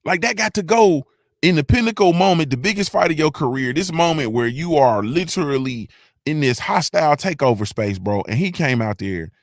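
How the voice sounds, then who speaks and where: Excitable man hosting a boxing talk show. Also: on the high side, moderate pace, dry recording, clean studio sound. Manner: excited, slangy, repeats himself a lot. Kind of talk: casual fan talk on a livestream.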